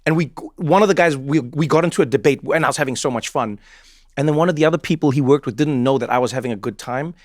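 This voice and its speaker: A man hosting a podcast in casual chat, an animated storyteller who acts out the people in his stories. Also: fairly high pitch, fast talker, dry recording, clean studio sound. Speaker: podcast host.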